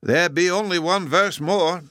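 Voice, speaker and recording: A man's voice: a little high, normal speed, bright, forceful tone, dry recording, voice pushed up. A man voicing a simple, tearful old male gardener who speaks in a country dialect. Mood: simple, earnest.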